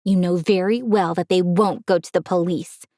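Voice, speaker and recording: A woman's voice: a little high, lively intonation, normal speed, dry recording, studio quality, lightly acted. Woman doing a jealous, sneering teen girl. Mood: mocking. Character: jealous mocking teenage girl cousin.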